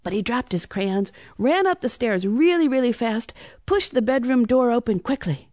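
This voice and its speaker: A woman reading a children's Christmas bedtime story, animated with hushed, whispery asides. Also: a little high, moderate pace, no echo, studio quality.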